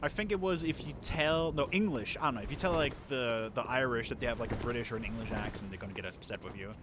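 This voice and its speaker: A man's voice: medium pitch, fast. A young man streaming a video game, with rambling, self-deprecating live commentary. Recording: noisy stream mic.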